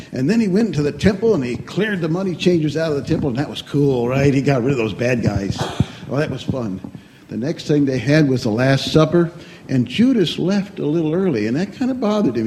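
A man telling a lively story to children as a children's sermon, asking them questions along the way. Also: a little high, slight background noise.

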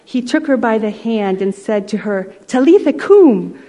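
A woman preacher giving a sermon as a story, gentle and often dropping to a soft hush. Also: medium pitch, normal speed, low-quality recording.

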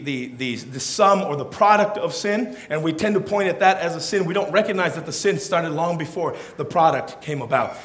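A man preaching a humorous sermon as pastor, with animated, joking storytelling. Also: sits high, echoey room.

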